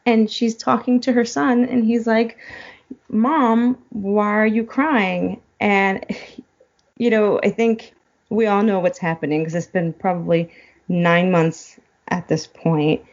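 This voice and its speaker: A woman's voice: mid-range voice, fairly even intonation, a little slow, a little mellow, lo-fi sound. A woman guest in a casual chat, retelling a film plot and getting choked up as she goes. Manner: emotional, choked up while retelling. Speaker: podcast guest.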